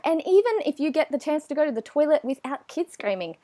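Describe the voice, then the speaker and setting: A woman's voice: high voice, big pitch swings, fast talker, warm tone, dry recording. A woman, chatting animatedly as an interview guest and acting out her own thoughts. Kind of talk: casual interview chat.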